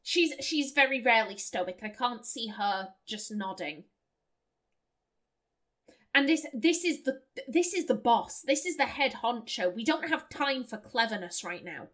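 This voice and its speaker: A young woman hosts a game playthrough, musing aloud and reading out the choices she is weighing. Her voice sits high and bright. She talks in a loose, chatty way. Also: expressive, a little slow. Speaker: let's play host. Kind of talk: gameplay commentary.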